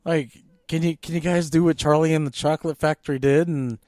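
Male podcast co-host, slightly high voice, dry close mic, exasperated and animated. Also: fairly quick, dry recording. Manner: animated, exasperated ranting with frequent fillers. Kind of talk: casual movie-rant chat.

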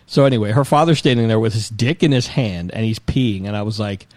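A low-pitched man in his forties recounts a long, self-mocking story in casual conversation, full of quick asides. The sound is close and dry, with no room around it. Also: darkish tone, no echo. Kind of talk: casual chat, comic storytelling.

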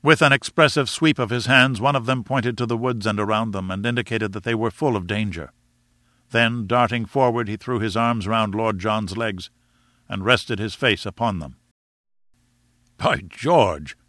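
A man reading an adventure novel aloud as narrator, in a measured, steady storytelling manner. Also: fairly low pitch, no room sound. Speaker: audiobook reader. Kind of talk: scripted narration.

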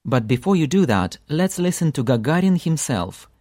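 Male teacher, lively up-and-down voice, repeats words slow and clear, dry studio sound. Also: on the high side, no room sound. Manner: clear, patient, repeats words slowly for drills. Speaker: language teacher. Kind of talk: scripted lesson narration.

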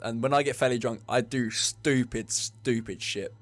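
A man's voice: medium pitch, steady tone, normal speed, soft background music. A young English man co-hosting a podcast, telling rambling drinking stories in casual chat and laughing often. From England. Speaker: podcast co-host.

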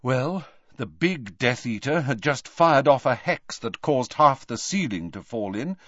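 A man voicing a calm adult teacher figure who speaks firmly. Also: mid-range voice, unhurried, dry recording, highs cut off, voice pushed up. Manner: firm.

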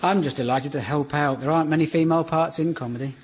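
Give me a sardonic man in his forties as a comedy host, slightly high voice. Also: quick pace, breathy edge. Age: 40s. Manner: wry, sardonic, lively delivery. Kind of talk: scripted radio comedy monologue. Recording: hissy archive radio recording.

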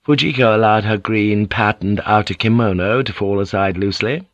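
A man reading an audiobook aloud in a measured, even storytelling manner. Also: fairly low pitch, no echo, muffled recording. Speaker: audiobook narrator. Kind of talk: scripted audiobook narration.

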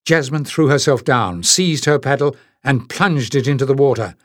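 A man's voice: mid-range voice, normal speed, a bit bright, no echo, clean studio sound. A man reading a fantasy audiobook in a dramatic storytelling manner. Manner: dramatic, lifting his voice for the characters. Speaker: audiobook narrator. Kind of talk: scripted audiobook narration.

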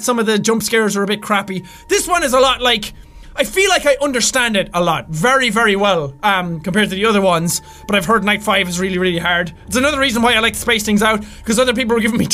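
A man giving let's play commentary as a gaming YouTuber, chatty and rambling, excitable and swearing loudly when scared. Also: sits high, fast.

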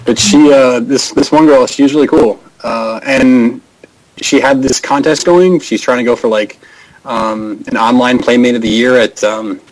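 A man's voice: medium pitch, fairly even intonation, unhurried, rough recording. Rambling young man telling stories. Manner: rambling storyteller, chuckles often. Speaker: co-host of a prank call show. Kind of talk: casual chat.

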